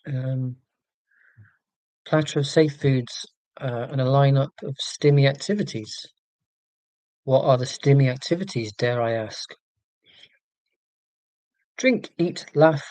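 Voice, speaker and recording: A man's voice: mid-range voice, slow, pauses often, darkish tone, dry recording, poor audio. Chatty Scottish man on a live stream. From Scotland. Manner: rambling, self-deprecating, reads out viewer comments. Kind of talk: casual live-stream chat. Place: at home.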